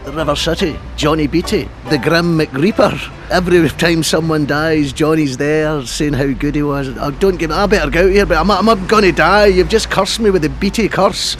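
A man's voice: on the high side, moderate pace, few pauses, a bit bright, soft background music, voice pushed up, close to an everyday voice. A man doing a comic impression of a Scottish comedian, rambling through absurd jokes in a Scottish accent. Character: impression of a famous Scottish comedian touring Scotland.

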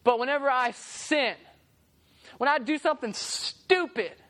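Animated high-voiced woman preaching a sermon. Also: unhurried. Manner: animated, acts out voices in stories. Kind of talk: sermon with storytelling.

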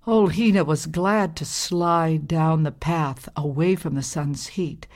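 A woman reading a storybook aloud in a calm, gentle, measured way. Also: sits low.

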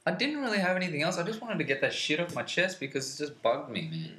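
Giggly podcast dude, crude jokes, bright voice bouncing around a roomy space. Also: male voice, a little high, very animated, fast talker. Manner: giggly, crude joking banter. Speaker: podcast co-host. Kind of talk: casual chat.

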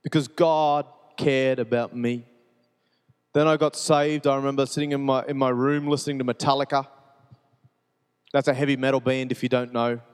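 A man preaching a sermon, earnest and repetitive, moving between soft and urgent passages. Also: mid-range voice, level tone, moderate pace, clean tone. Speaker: pastor. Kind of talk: sermon with personal testimony. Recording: long reverb of a large hall.

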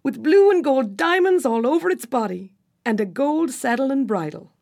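A woman voicing an excited, hopeful young woman in a spoken storybook, eager and breathless. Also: mid-range voice, a little slow. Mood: delighted.

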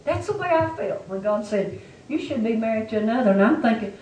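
A woman's voice: fairly high pitch, animated, a little fast, dark tone, a little hiss or hum. Woman preaching in an echoey church. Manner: testifying preacher, emphatic and repetitive. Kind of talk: sermon. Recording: echoey room, mic far off.

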